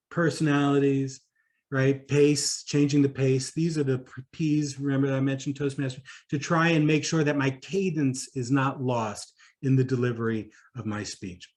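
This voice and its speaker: Man giving a lively talk on public speaking. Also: mid-range voice. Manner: animated, demonstrates voice exercises aloud; conversational with fillers and laughs. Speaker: speaker at a speech conference.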